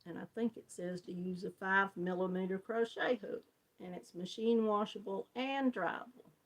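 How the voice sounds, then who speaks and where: A woman's voice: medium pitch, fairly even intonation, normal speed. A woman with a Southern US accent hosting a casual live crochet chat, greeting viewers by name and laughing often. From Georgia, US. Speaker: crochet channel host.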